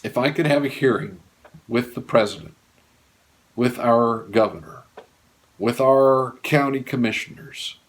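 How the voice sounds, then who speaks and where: A male pastor preaching a sermon, earnestly, with wide swings from raised emphasis to hushed low lines. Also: unhurried, pauses often. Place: church.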